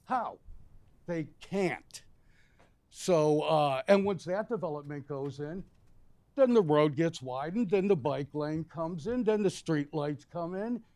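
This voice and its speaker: A man's voice: a little high, expressive, slow, a little mellow, no room sound. A man resident speaking bluntly and indignantly during public comment at a city commission meeting. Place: city council chamber.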